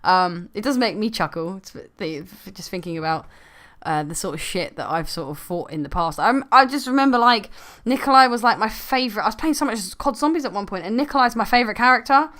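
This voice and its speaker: Chatting to camera in a lively, brisk way, a young woman who makes gaming vlogs laughs often and now and then slips into quiet asides. Her pitch sits in the middle range.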